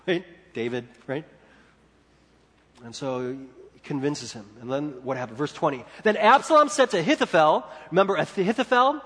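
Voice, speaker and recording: A pastor delivers a sermon in a high voice, rising to loud peaks and dropping to near hushes. The sound rings with a long reverb from a large hall. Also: male voice, moderate pace, breathy edge. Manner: preaching with swings between loud and hushed.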